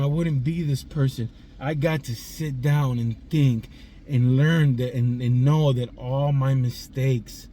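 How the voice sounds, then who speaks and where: A mid-range, dark-toned voice comes through with a little hiss or hum. It belongs to a man in his forties confessing on his vlog from a parked car, raw and emotional, swearing freely and choking up with tears.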